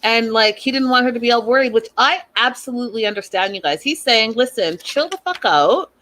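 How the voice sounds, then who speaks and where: A woman's voice: a little high, expressive, brisk, a bit bright. A woman hosting a casual reality TV recap, chatty and opinionated, talking straight to her viewers. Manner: chatty, addresses viewers directly, lots of "like"; opinionated, thinks aloud. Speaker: host.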